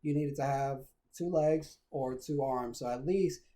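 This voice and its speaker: A man being interviewed as a guest, talking openly and haltingly, with frequent restarts. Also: medium pitch, warm tone. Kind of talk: casual conversational interview.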